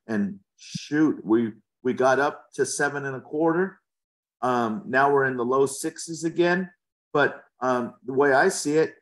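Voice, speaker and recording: A passionate, opinionated man in a casual interview, his voice sitting a little high for a man. He talks with conviction and often repeats words mid-thought. He speaks as a real estate agent. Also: fairly bright tone.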